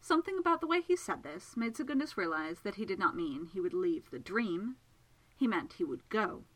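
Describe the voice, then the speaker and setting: A woman narrating a novel in an expressive storytelling manner. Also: mid-range voice, normal speed, poor audio. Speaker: audiobook narrator. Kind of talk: scripted narration.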